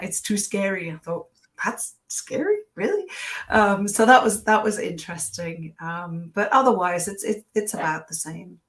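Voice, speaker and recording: A woman's voice: fairly low pitch, a bit bright. A woman author answering interview questions in a thoughtful, conversational way, with frequent fillers and restarts.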